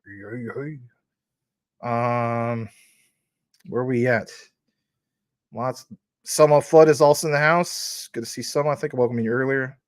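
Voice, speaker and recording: A man's voice: mid-range voice, a little slow, long pauses, no echo. A man in his forties hosting a casual livestream, chatting in a rambling way with lots of fillers while reading out and thanking viewers' super chats. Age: 40s. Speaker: crypto livestream host.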